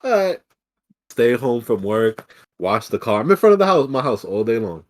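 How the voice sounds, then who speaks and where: A young man hosting a podcast, telling a story in casual chat with animated, profane ranting. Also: mid-range voice, normal speed. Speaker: podcast host.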